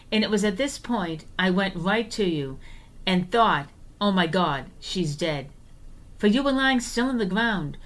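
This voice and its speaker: Woman on a podcast telling a story, earnest, slows way down for the big moments. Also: mid-range voice, fairly bright tone. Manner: earnest, vivid, often slow and deliberate. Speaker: podcast co-host. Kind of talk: recounting a personal story.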